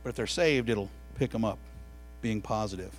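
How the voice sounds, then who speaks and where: A man preaching a sermon to a room of listeners, telling stories in an animated way that builds to loud, excited peaks. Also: lowish voice, normal speed, soft background music, low-quality recording. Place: room with an audience.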